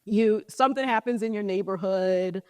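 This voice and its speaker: A woman's voice: medium pitch, moderate pace, a little mellow, clear, resonant tone, dry recording, studio quality. A woman giving a conversational sermon, retelling a story casually with lots of filler words. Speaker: preacher. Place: church service.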